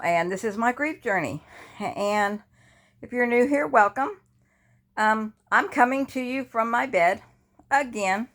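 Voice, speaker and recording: Slow, rambling older woman vlogging from bed. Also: on the high side, a bit bright. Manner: rambling and chatty, with many restarts. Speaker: grief vlogger. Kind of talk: casual personal vlog. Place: indoors, lying in her bed.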